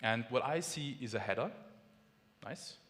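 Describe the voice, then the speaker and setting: A man from Austria with an Austrian German accent, explaining lively at a conference talk, German his first language. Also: medium pitch, unhurried. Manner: lively, friendly explaining with small restarts. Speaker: conference speaker. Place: large conference hall. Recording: long hall reverb.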